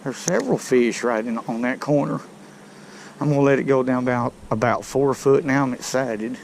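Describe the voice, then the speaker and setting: A man narrating his fishing trip from a boat on a river, excitable and talking straight to his viewers. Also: mid-range voice, normal speed, gravelly, a little hiss or hum. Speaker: fishing vlogger. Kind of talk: casual narration while fishing.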